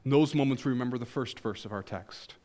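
A man delivers a sermon as a pastor, talking it through like a story with wry humor. His voice sits in an ordinary middle pitch, climbing to emphatic highs and then dropping into soft, low asides. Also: fast talker.

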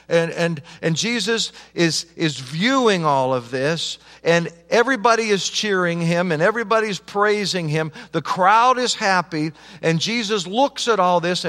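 Pastor, male, sermon delivery; slightly high voice, emphatic then hushed, restarts phrases; long hall reverb. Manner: swings from raised emphatic lines to soft, slowed, hushed ones; repeats words and restarts phrases. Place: church sanctuary.

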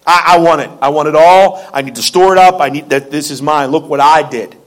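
Man doing a greedy farmer; low, hushed, smug. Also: steady tone, a little fast, close to an everyday voice. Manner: smug, muttering to himself. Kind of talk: sermon.

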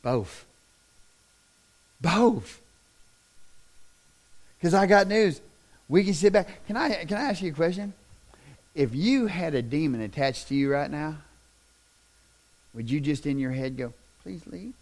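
A middle-aged man preaching a sermon in a folksy, plain-spoken way that swells into loud, impassioned shouting. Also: fairly high pitch, expressive, a little slow, long pauses. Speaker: pastor.

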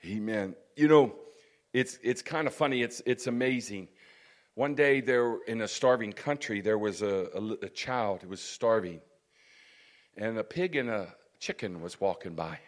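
A man preaching a sermon, dropping "praise God" and "amen" between points and rising to loud, emphatic stretches. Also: on the low side, animated, normal speed.

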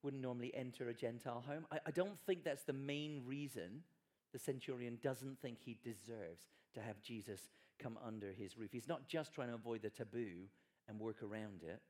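Preacher, male, mid-pitched, chatty sermon delivery with dry humor. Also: moderate pace, darkish tone. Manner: conversational, emphatic, wry asides.

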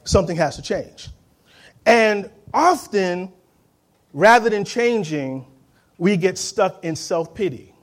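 This pastor's high voice carries a spirited sermon in which he stresses each point and prompts the congregation to answer. Quick impressions of those he quotes break in before he returns to plain, emphatic preaching.

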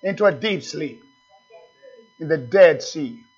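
A man preaching a sermon, emphatic, stretching words slowly to stress the scripture. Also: a little high, lively intonation, darkish tone, breathy edge. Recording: dull lo-fi recording.

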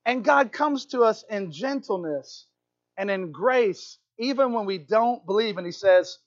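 Pastor, male, high voice, lively and joking, preaching in church, dull lo-fi recording. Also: a little slow. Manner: animated, playful asides, keeps asking "right?". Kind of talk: sermon. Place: church hall.

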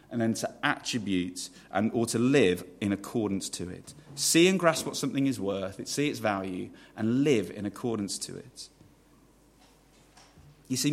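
Conversational man preaching a sermon. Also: fairly low pitch. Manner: conversational, asks the congregation questions, restarts phrases. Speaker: pastor.

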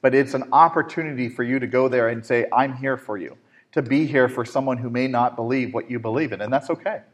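A man of ordinary pitch hosts a faith-based talk show. He tells stories with growing animation and a lot of "uh" and restarts. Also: brisk. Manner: animated storyteller with frequent fillers. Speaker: host.

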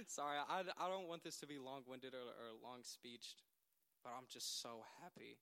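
A man's voice: medium pitch, unhurried, pushed and bright, clean tone. A man in his late teens giving a heartfelt thank-you speech to a gathering, earnest and rambling and laughing at himself.

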